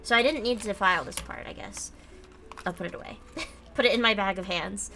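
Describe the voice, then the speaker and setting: A woman's voice: mid-range voice, brisk, gravelly, pushed and bright. A young American woman chatting casually on a livestream while she builds a model kit, rambling and reading chat aloud with lots of fillers. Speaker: streamer. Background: faint background music.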